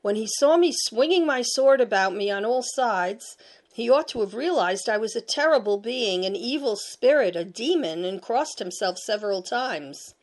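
A woman narrating a storybook tale in a measured, expressive reading voice. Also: fairly high pitch.

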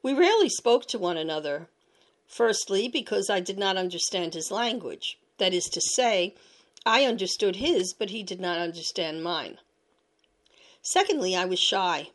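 A woman narrates a storybook tale in a measured, expressive reading voice. Her pitch sits in an ordinary middle range.

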